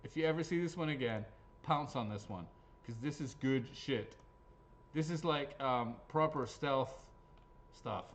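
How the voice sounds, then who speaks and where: A man hosts raffle draws on a live stream in a loose, chatty way. He cracks jokes and swears freely as he goes, and his voice sits at a middling pitch. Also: unhurried. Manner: casual, jokey, swears freely. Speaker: raffle host.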